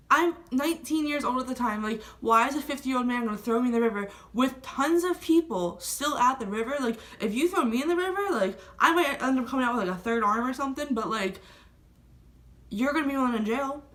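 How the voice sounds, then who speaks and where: A woman's voice: sits high, fairly bright tone. A young woman vlogger telling a story in a rambling, casual way, filling nearly every phrase with "like". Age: young adult. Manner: rambling, filler-heavy with constant "like".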